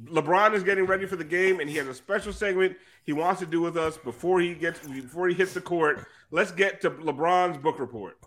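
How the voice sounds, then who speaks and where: A man's voice: high-pitched, brisk, few pauses, a bit bright. A man hosting a casual sports podcast, bossy and joking as he runs the show. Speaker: host.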